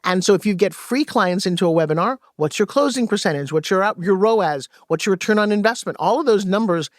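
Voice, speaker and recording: A woman guest and sales coach, telling stories in an animated way and acting out quoted dialogue in a podcast interview. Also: mid-range voice, fairly quick, dry recording, studio quality.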